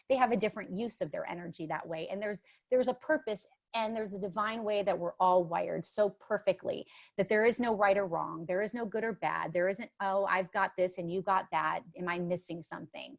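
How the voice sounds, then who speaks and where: Expressive middle-aged woman speaker. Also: mid-range voice, brisk, gravelly. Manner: expressive and emotional, with many restarts and fillers. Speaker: panelist on a motherhood livestream. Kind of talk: casual spoken talk.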